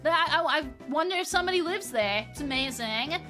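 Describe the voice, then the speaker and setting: A young adult woman from Michigan's Peninsula, chatting casually with viewers on her stream, animated and swearing freely as she reads chat aloud and answers it. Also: sits high, brisk, over music. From Upper Peninsula of Michigan, US.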